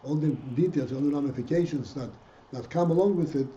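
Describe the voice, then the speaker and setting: A man with a fairly high, mellow voice speaks quickly while teaching a Hasidic text class as a rabbi. He often stops and restarts, throwing rhetorical questions at his students. The room sounds dull and echoey, with faint background noise.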